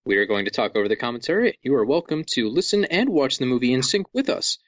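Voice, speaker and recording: A man hosting a podcast in a casual, jokey way, walking listeners through things with lively asides. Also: medium pitch, fast talker, no room sound, muffled recording. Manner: jokey, animated, over-explaining. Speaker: podcast host.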